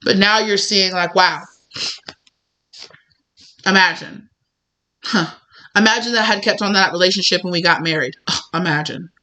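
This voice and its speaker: A woman's voice: on the low side, normal speed, long pauses, sharp tone. A woman giving a spiritual tarot reading, talking in a rambling, conversational way full of fillers and little acted-out dialogues. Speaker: tarot reader.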